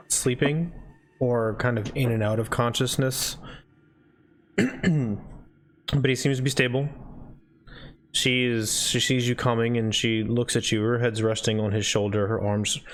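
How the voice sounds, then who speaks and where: A man acting as game master calmly narrates the scene in a tabletop role-playing game. His voice is low and keeps a flat, even line. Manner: calm descriptive narration.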